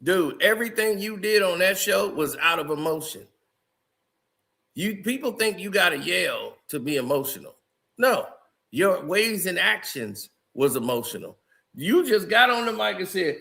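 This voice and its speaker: A man's voice: high-pitched, very animated, moderate pace, gravelly, pushed and bright. A man commenting on a video clip in a casual, incredulous way, laughing often.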